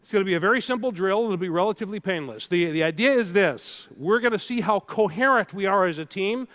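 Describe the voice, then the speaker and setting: On stage before a live audience, a man delivers a keynote speech, telling stories and guiding the crowd through playful exercises. His voice is high, fast and a bit bright.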